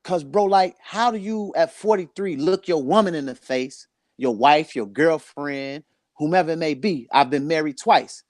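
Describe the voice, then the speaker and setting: A man's voice: on the high side, moderate pace, dry recording, studio quality. A man in his forties talking candidly and earnestly about his life, getting emotional and repeating phrases for emphasis. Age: 40s. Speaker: guest sharing his life story. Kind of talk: candid conversation.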